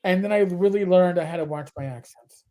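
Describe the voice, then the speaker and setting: A man with a New York accent spins animated stories on a podcast, dropping into accents and tripping over his own restarts. His voice is warm and mellow, with no bright edge to it. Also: high voice, fairly quick. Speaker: podcast co-host, former police officer. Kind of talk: casual storytelling chat.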